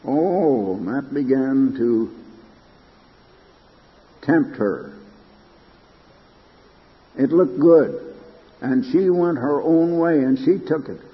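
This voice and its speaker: A man's voice: medium pitch, extremely slow, long pauses, long reverb tail, lo-fi sound. An older man preaching an emphatic broadcast sermon, his delivery rising to fervent peaks.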